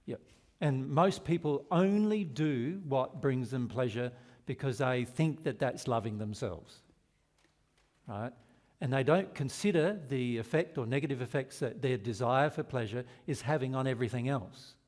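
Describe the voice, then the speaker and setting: A man's voice: medium pitch, normal speed, a little mellow. Man teaching a seminar audience. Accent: Australian. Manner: earnest, rhetorical questions to the audience. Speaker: spiritual teacher.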